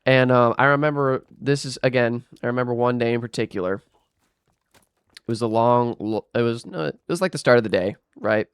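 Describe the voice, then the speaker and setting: A man's voice: mid-range voice, normal speed, clean tone, no echo. A young man telling a rambling, aggrieved storytime rant while gaming, swearing and restarting his sentences often. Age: young adult. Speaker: gaming vlogger.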